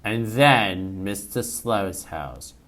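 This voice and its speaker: A man's voice: lowish voice, animated, drawn-out words, very noisy. A man reading a homemade cartoon story aloud as narrator.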